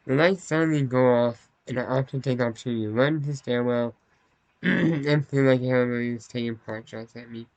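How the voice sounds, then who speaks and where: A man reads and comments his way through a story game in a chatty, self-conscious manner. His voice sits at a middle pitch. The sound is close and dry. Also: fairly quick, darkish tone, no room sound, low-quality recording. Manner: apologetic, self-conscious aside. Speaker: gameplay narrator.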